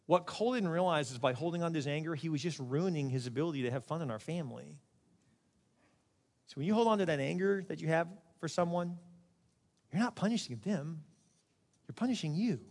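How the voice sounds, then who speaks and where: Middle-aged male pastor, slightly high voice, animated, conversational sermon delivery. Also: a little fast, long pauses, big-room sound.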